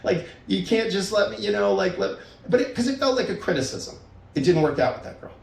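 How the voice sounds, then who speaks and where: This middle-aged divorce lawyer talks relationships in a casual podcast style, bringing his stories to life by performing the voices he quotes. His voice sits high with vocal fry and a slightly fast pace, and the distant mic leaves it roomy and a bit off mic.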